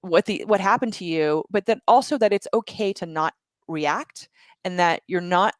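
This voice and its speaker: A woman guest on an interview show, retelling a story with vivid asides and quick restarts. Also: on the low side, no echo. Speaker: guest entrepreneur. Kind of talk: animated storytelling in conversation.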